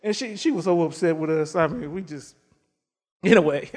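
A man's voice: fairly high pitch, normal speed, in a large hall. A middle-aged man preaching a sermon, telling folksy stories with lots of laughter. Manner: animated, folksy storytelling with laughter. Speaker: pastor.

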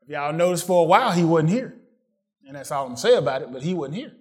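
A man preaching a sermon, asking the congregation questions and swinging from excited peaks to quiet asides. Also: quick pace. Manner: call-and-response preaching, rising to excited peaks then dropping low.

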